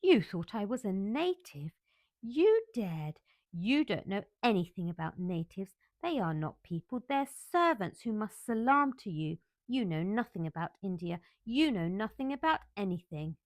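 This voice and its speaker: A woman's voice: fairly low pitch, sing-song, unhurried, pushed and bright, no echo, clean studio sound, full character voice. A woman voicing a haughty, spoiled little girl who speaks imperiously and flares into indignation, in a storybook reading. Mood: furious.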